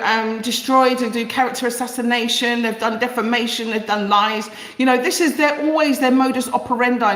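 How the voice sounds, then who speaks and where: In an echoey room, a woman with a fairly high voice runs a live stream, reading out what viewers write. She's from East London with a London accent, and she greets the chat while speaking passionately and emphatically, repeating phrases for effect.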